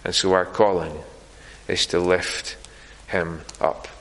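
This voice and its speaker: A man preaching a sermon in a church, earnest and deliberate, pausing often on fillers. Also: deep voice, level tone, fairly bright tone, long reverb tail, slight background noise, poor audio.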